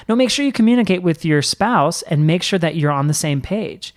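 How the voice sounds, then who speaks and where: A young man co-hosting a parenting podcast, explaining his views in an earnest, calm way. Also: on the high side, brisk. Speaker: podcast co-host. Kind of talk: casual chat about parenting.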